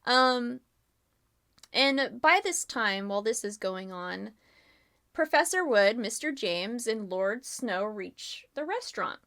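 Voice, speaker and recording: A woman's voice: a little high, expressive, slow, fairly bright tone. A woman running a live-streamed murder mystery game as game master, casual and giggly with lots of fillers.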